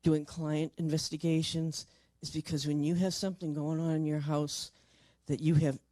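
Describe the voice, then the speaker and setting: A paranormal investigator, an older woman, speaks in a low-pitched, level tone as she haltingly tells a personal story, repeating herself and softening at tender parts. The recording is dry.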